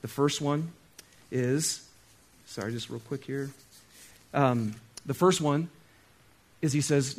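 A male pastor preaching a sermon, talking straight to his congregation and swinging between loud exclaiming and soft, hushed stretches. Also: medium pitch, slow. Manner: conversational, talks straight to the congregation.

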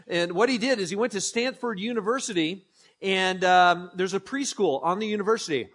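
A man preaching a sermon as pastor, conversational and joking, telling animated stories. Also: high voice, fairly quick.

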